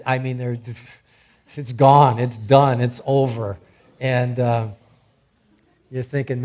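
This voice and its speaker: A middle-aged man preaching a sermon in a conversational way, often restarting his sentences. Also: mid-range voice. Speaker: pastor.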